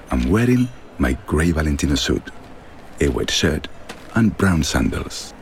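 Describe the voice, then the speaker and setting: A man telling a scene in first person, slow and deliberate. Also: rumbling low, slight background noise. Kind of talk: first-person dramatized narration.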